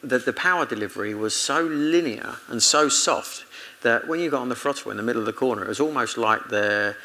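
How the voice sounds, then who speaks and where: Speaking a little fast with a sharp, medium-pitched voice, a man from Britain who once raced motorcycles shares laugh-filled stories in a relaxed interview, acting out dialogue he had with others. The audio is poor.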